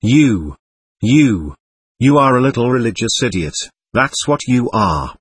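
A man's voice: mid-range voice, sing-song, normal speed, fairly bright tone, slightly rough, dry recording. A man reading the part of a proud, emotional young society woman in an audiobook, with impulsive, exclamatory lines. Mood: indignant.

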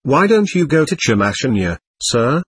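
A sly, servile manservant with a husky voice, read by a man, speaking deliberately and with put-on politeness. His pitch rises and falls in a lively way. The recording is dry and close. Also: dry recording.

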